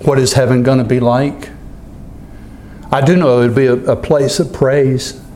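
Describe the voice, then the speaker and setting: A male pastor delivers a sermon at a deliberate pace. He slows down noticeably for scripture readings and gives each phrase weight. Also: mid-range voice, little pitch movement, dark tone.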